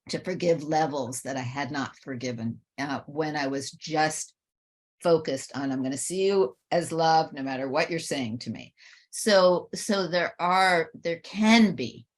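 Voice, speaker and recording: An older woman on a podcast, earnestly telling a personal story and getting animated when she quotes people. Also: deep voice. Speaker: podcast co-host.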